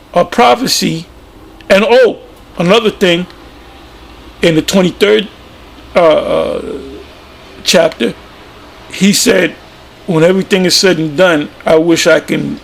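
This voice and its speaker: A man's voice: on the high side, gravelly. A man giving informal religious commentary, plain-spoken and emphatic, often repeating himself. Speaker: preacher.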